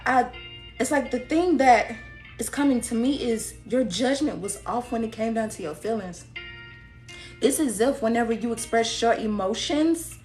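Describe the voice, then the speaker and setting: Sassy blunt woman giving a reading. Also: fairly high pitch. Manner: sassy, blunt, laughs often, acts out quoted people. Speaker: tarot reader. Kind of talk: casual spiritual reading to viewers.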